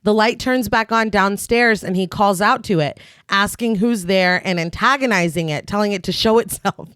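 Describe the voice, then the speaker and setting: A woman's voice: medium pitch, normal speed, fairly bright tone, clean tone, dry recording. A woman co-hosting a podcast, recapping a film plot in casual chat with dry sarcastic asides. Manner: dry, sarcastic asides between plot beats, laughs often.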